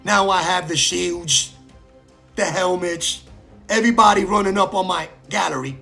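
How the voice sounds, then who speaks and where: A man with a fairly high, gravelly voice tells his story in a casual spoken monologue. He is animated, acts out the other people's lines and swears without holding back. Faint music plays behind him. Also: moderate pace. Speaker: storyteller recounting prison life.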